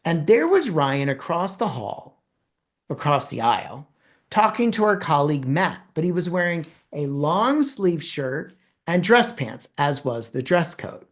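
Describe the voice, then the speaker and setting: Brief: male presenter, animated storyteller, wide pitch swings, pauses for effect. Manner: expressive, dramatic pauses, quotes dialogue. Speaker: presenter telling a personal story. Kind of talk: storytelling keynote talk.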